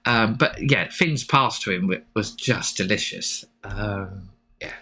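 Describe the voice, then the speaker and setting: A woman co-hosting a rugby podcast, chatting excitedly and rambling with lots of fillers. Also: rumbling low, measured pace, husky. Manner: enthusiastic, rambling with many fillers. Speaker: podcast co-host and rugby photographer. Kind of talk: excited casual chat about rugby.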